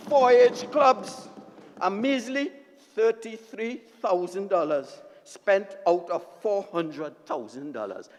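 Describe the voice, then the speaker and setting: A man with a Trinidadian accent giving an impassioned, emphatic parliamentary debate speech, repeatedly addressing the Speaker from a desk microphone. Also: sits high. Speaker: member of parliament. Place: parliament chamber. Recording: long reverb of a debating chamber.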